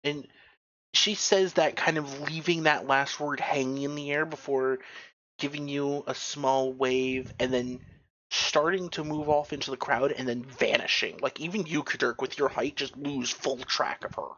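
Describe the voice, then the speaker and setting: A man's voice: mid-range voice, steady tone, moderate pace, fairly bright tone. A man narrating as game master of a tabletop game, rambling with many fillers and restarts, on a dull lo-fi recording. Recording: dull lo-fi sound.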